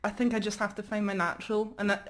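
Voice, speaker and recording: A woman's voice: medium pitch, flat delivery, fast. A woman co-hosting a live radio show, playful and rambling, who laughs often. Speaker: radio co-host. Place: radio studio.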